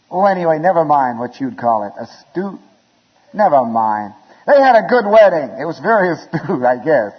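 A man preaching a sermon in a church, telling wedding stories with chuckles and building to shouted appeals. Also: a little high, slightly rough. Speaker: pastor. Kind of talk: storytelling sermon. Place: church sanctuary. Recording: lo-fi recording with long hall reverb.

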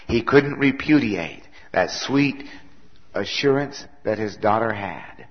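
A man preaching a sermon, his volume swelling and then dropping very soft as he tells a story. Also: on the low side, lively intonation, slow pace. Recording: dull lo-fi recording.

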